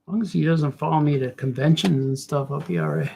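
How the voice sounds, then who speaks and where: A man's voice: on the high side, fairly quick, creaky, few pauses, warm tone, a little hiss or hum. A middle-aged man, a cartoonist, chatting loosely as he draws, with joking, self-mocking asides. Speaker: cartoonist streamer. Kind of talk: rambling casual chat while drawing.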